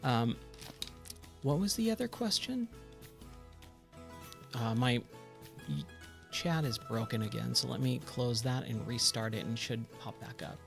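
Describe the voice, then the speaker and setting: Male streamer, unhurried, awestruck casual chat, thanks chat often; faint game music under. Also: mid-range voice, vocal fry. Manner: chatty and easily awed, thanks viewers warmly. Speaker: livestream gaming host. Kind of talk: casual livestream chat while gaming.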